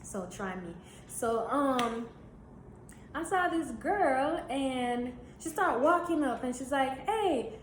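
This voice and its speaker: A young woman from Jamaica, telling a story in a blunt, animated, swearing way. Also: sits high, slow pace. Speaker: vlogger. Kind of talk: storytime vlog. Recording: roomy echo, faint hiss.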